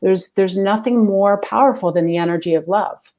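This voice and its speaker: A woman executive coach speaks as an interview guest in a mid-range voice. She talks quickly and earnestly, with a spiritual, heartfelt manner. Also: mid-range voice, a little mellow. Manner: earnest, fast-talking, spiritual. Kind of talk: interview answers.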